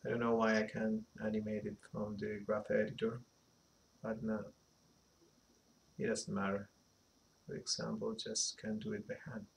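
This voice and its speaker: A man giving an unhurried animation software tutorial, thinking aloud as he works, with a slight phrasing. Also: fairly low pitch, monotone, creaky, slight background noise. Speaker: animation instructor. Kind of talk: screen-recorded software tutorial.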